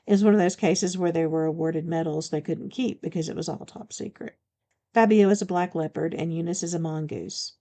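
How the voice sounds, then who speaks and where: A woman author reading her own novel aloud as an audiobook, in a steady, even storytelling manner. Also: lowish voice, fairly quick. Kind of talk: audiobook narration.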